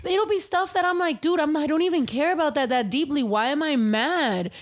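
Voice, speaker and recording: A woman's voice: high voice, a little fast. A woman co-hosting a casual chat show, telling stories animatedly, swearing freely and acting out what people said. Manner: animated storyteller, swears freely, acts out quotes. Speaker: podcast co-host.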